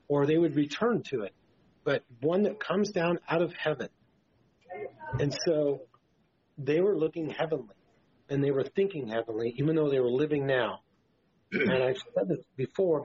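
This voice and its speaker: A tired man co-hosting a Christian podcast, rambling and stammering as he preaches in casual talk. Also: fairly high pitch. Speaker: podcast co-host. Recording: dull lo-fi podcast audio.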